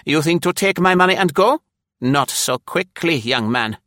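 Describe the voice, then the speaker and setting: A man's voice: a little high, big pitch swings, a little slow, sharp tone, no room sound, clean studio sound, pitched above the performer's own voice, heavily acted. A man voicing a fat, greedy spy with an oily, snarling manner. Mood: menacing. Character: fat, greedy, menacing male German spy. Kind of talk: audiobook character voice.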